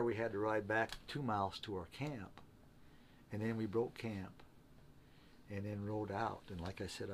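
A man's voice: on the low side, slight background noise. A man telling a long personal story in casual conversation, in a plainspoken, earnest way that often stops to repeat and restart his words. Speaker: interview guest.

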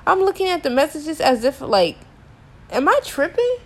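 Very animated and high-voiced, this young teacher tells a frustrating story to camera at a normal pace. It's a casual, exasperated rant laced with slang and plenty of filler words.

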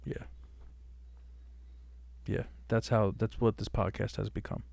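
A man's voice: fairly low pitch, flat delivery, unhurried, darkish tone, no room sound. A man co-hosting a podcast, talking in crude, teasing banter with lots of swearing. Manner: profane, teasing, jumps into a breathy put-on voice. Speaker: podcast co-host. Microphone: studio mic on a stand.

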